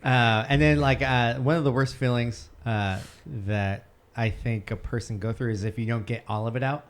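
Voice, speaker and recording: A man co-hosting a podcast in casual chat, chatty and quick to laugh, often trailing off. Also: mid-range voice, steady tone, clear, resonant tone. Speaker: podcast co-host.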